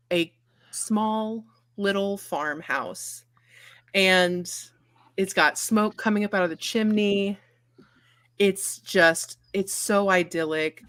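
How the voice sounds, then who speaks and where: A woman's voice: mid-range voice, fairly bright tone, clear, resonant tone, no echo. A woman getting over a cold, narrating a tabletop game as game master in a chatty, giggly way.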